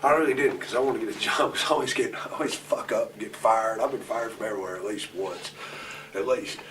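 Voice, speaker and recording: A man in his forties tells rambling, profane stories in a shoot interview. His voice sits fairly low and he talks bluntly. The mic is set well back and room noise hangs behind him. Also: fast. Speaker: pro wrestler interview guest. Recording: distant mic, noisy room ambience.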